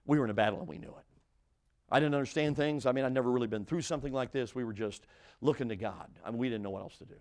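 A male preacher tells a story from the pulpit at an ordinary middle pitch. He builds to loud, emphatic lines, then drops almost to a hush, and he often repeats phrases and restarts them. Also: very fast. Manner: dramatic, swings from loud to hushed. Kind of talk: sermon storytelling.

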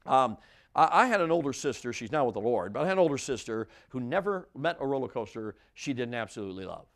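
A man's voice: mid-range voice, fast. An older man preaching a sermon to a congregation, telling a humorous story and often asking the audience questions. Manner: animated, audience-engaging, frequent restarts and asides. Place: church before a congregation.

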